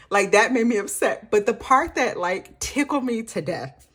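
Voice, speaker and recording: Woman, planner vlogger, casual chat, animated storyteller, a bit hoarse. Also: a little high, moderate pace. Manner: chatty, animated storytelling with frequent laughs. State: slightly hoarse.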